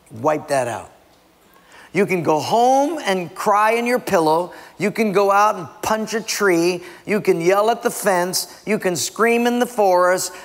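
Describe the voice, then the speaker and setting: Gravelly guy preaching a lively sermon, long echo in a big hall. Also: a little high. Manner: animated, acts out stories.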